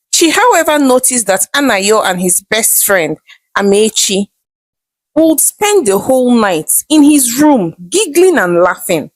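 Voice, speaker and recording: A woman's voice: a little high, no echo. A woman narrating a scripted folktale in a dramatic storytelling manner.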